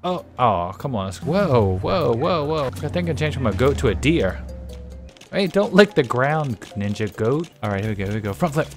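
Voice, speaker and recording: A man's voice: mid-range voice, moderate pace. A man commentating a video game, talking animatedly to his viewers and laughing often. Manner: animated, talks to viewers, frequent laughing exclamations. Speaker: gameplay commentator. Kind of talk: let's play commentary. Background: game music.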